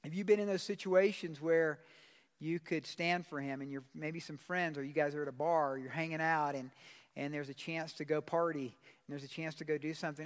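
Slangy pastor preaching in an echoing hall. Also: male voice, fairly high pitch, steady tone, brisk. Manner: conversational, slangy, questions the congregation. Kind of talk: sermon. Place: church service. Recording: long hall reverb.

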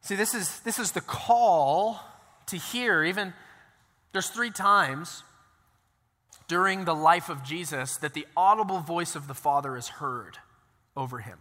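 A man preaching a sermon as pastor, telling the story in a conversational, animated way with casual asides. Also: a little high, unhurried, big-room sound.

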